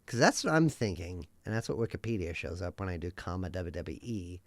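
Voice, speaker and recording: A man in his thirties chatting casually on a live stream, rambling and animated, swearing freely and filling his speech with likes and uhs. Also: low voice, a little fast, no room sound.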